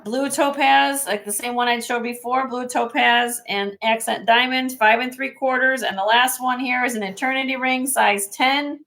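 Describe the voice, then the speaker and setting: A woman hosting a casual live jewelry sale from home, briskly listing rings and sizes with chatty asides. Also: fairly high pitch, fairly even intonation, fairly bright tone. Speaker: host selling jewelry on a live stream.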